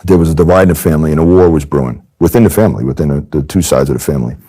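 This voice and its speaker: Deep, fast-talking man telling his story. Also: mellow. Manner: emphatic, repeats phrases for stress. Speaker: former undercover agent telling his story. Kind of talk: candid storytelling interview.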